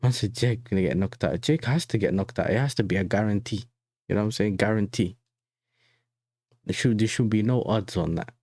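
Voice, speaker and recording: A young man with a lowish, darkish voice hosts a casual football fan livestream, talking fairly quickly in reaction chat. He's chatty and full of slang, often asking "you know what I'm saying." The studio sound is clean, with no room echo.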